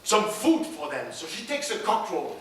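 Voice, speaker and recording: Solo stage storyteller, male, high voice, deliberate repeating cadence; roomy echo, from far. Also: very animated, fairly bright tone, a little hiss or hum. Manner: slow, rhythmic, repeating phrases. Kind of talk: live solo storytelling performance. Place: large theater stage. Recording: echoey theater from far off, drums. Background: drums and percussion.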